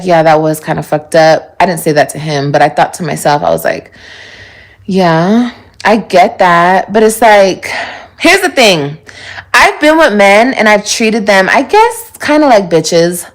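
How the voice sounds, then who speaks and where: A woman's voice: mid-range voice, big pitch swings, normal speed. Vlogger, young woman, candid and rambling, plain middle voice. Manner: candid, profane, rambling with laughs. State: pregnant. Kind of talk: casual confessional vlog.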